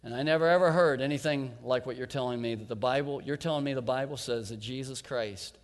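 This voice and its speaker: A man voicing a gruff, blunt male ironworker in a lower, quieter voice within a sermon. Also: a little fast, long reverb tail, close to an everyday voice. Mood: earnest.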